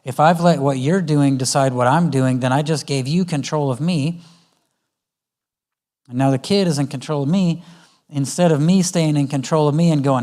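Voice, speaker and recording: Speaking at a church conference in the auditorium, this male guest speaker talks about parenting and often acts out parent-child dialogue using different voices. He has a fairly high, mellow voice and keeps a moderate pace.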